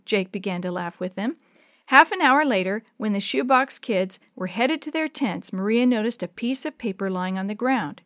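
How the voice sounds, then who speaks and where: A woman reads a children's chapter book aloud in a dry, close recording. She narrates plainly at a middle pitch and lifts her voice for the children's lines. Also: normal speed, no room sound. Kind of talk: storybook reading with character voices.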